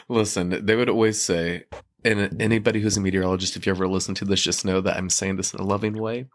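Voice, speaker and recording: Low-voiced chatty man. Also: quick pace. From Ohio. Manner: chatty, animated, many "like" fillers. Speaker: guest, TV executive producer. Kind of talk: casual podcast chat.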